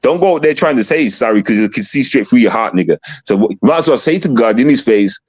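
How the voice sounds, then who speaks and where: A man's voice: mid-range voice, expressive, fast talker, hardly any pauses, breathy edge, no room sound. A male streamer talking in casual stream chat, taunting and swearing a lot.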